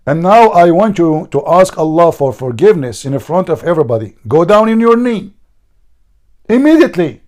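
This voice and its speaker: A man with a high-pitched, hoarse voice hosts a heated online debate. He hammers the same question over and over and mocks the other side without letting up. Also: darkish tone. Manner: insistent, mocking, repeats questions. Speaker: debate host.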